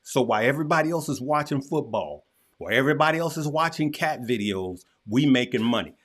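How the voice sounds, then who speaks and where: A man hosting a live investing show, talking to his viewers in an energetic, folksy way and repeating phrases for emphasis. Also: mid-range voice, fast talker. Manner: energetic, folksy, speaks straight to viewers as "y'all" and "good people". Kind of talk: hyped-up live stream chat.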